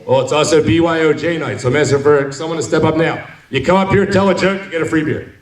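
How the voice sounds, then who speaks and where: Man in his forties, stand-up comedian, teasing the crowd, slightly high voice, echoey room, crowd noise. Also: fast talker. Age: 40s. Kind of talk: stand-up set. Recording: echoey hall, mic from far, crowd.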